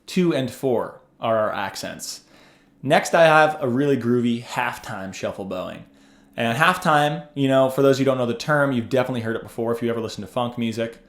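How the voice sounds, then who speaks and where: A man giving a casual music lesson, talking in a loose, relaxed way with plenty of ums and uhs. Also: mid-range voice, a little fast. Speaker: bass teacher. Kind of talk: casual instructional talk. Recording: roomy echo with faint music.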